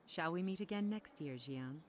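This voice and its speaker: An actress voicing a calm, wise female martial arts mistress in video game dialogue, speaking in a serene, measured, instructive way. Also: fairly low pitch, slight background noise, close to an everyday voice.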